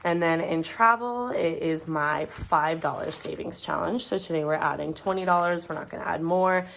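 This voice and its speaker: Young woman in her 20s rambling thru a budget vlog, kinda low voice, counts bills out loud under her breath. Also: moderate pace, creaky, slight background noise. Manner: rambling, chatty, mutters while counting bills. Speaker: budgeting vlogger. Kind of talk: casual chat while counting cash. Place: home, dog nearby.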